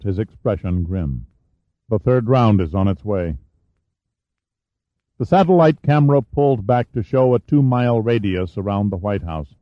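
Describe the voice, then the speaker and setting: A man narrates a thriller audiobook at a steady pace. His voice is low and close. The recording is dry and a little dull. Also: dry recording.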